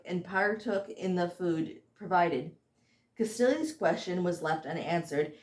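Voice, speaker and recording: A woman reads her own fantasy novel aloud at an unhurried pace, sometimes tripping over words and starting lines again. Her voice sits at a middling pitch, and the room around her gives a noticeable echo. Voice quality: halting reading with slips, restarts and apologies. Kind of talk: unpolished audiobook reading.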